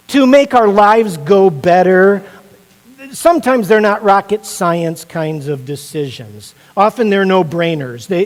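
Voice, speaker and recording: A male pastor preaches in a chatty, joking, storytelling way, often asking the room questions. His speaking voice sits fairly high. Everything carries a long reverb, as in a large hall. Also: darkish tone. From Indiana. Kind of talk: sermon.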